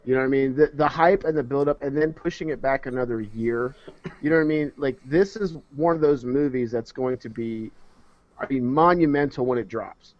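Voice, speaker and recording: A man's voice: medium pitch, fairly quick, no echo. Male podcast co-host, blunt and sweary, heard through dull lo-fi audio. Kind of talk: casual podcast banter. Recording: dull, lo-fi sound.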